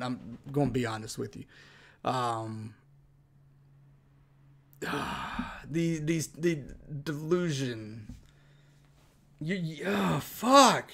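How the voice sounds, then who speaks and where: A man's voice: fairly high pitch, creaky. A man giving crude, scornful reaction commentary on a video, swearing often and breaking into laughter. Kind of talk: profane mocking commentary.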